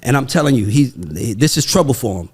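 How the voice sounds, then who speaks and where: A man hosting a podcast in casual chat, talking in an animated, emphatic, profane way. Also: medium pitch, fast talker, husky. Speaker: podcast host.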